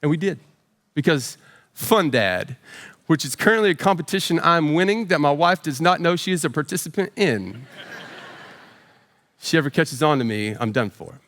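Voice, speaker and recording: Forty-ish preacher guy cracking jokes about himself, kinda high voice, lots of hall echo. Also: moderate pace, pauses often. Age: 40s. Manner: self-deprecating humor with big animated voices for quotes. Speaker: pastor. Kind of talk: storytelling sermon.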